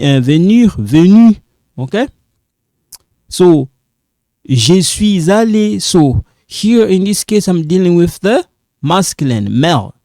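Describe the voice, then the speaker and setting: A man teaching a grammar lesson, slow and repetitive, checking in often with "okay?". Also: fairly high pitch, warm tone, no echo, clean studio sound. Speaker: French teacher.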